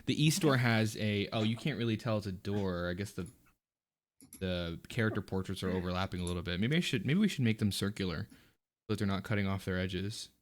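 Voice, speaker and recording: A man narrating as dungeon master, halting and full of fillers and restarts. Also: fairly low pitch. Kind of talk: narrating a tabletop game.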